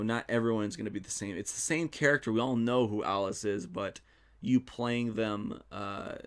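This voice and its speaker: A young man hosting a solo podcast, telling stories in a casual, animated way with some swearing. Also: on the low side. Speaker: podcast host. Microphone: studio mic.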